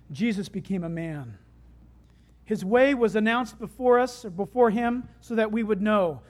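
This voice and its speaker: This sermon features a preacher sharing down-to-earth stories in a conversational tone. His pitch sits in the middle, and he moves back and forth between excited, loud sections and quiet, hushed ones.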